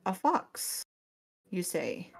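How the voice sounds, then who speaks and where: A woman's voice: lowish voice, animated, moderate pace, lightly acted. A woman voicing a weary, theatrical woman fortune teller who runs an antique shop, sighing and calling people dear. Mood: intrigued. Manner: sighing, calls others "dear".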